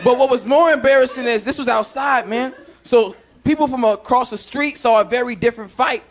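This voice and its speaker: A man doing stand-up, telling a story with animated shouts and mumbled character voices. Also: extremely high pitch, fairly quick. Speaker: stand-up comedian. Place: comedy club stage. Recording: live club mic with crowd laughter and noise.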